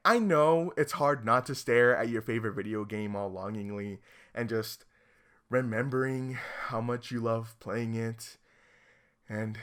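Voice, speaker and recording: A man's voice: mid-range voice, a bit bright. A man giving sarcastic, exasperated comedic commentary as a YouTuber.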